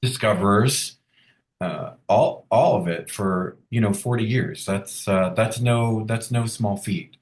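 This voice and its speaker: Man with a very deep voice in a roomy space. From Long Island, New York. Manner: thoughtful, earnest, halting with fillers. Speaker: author guest. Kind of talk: reflective conversational interview.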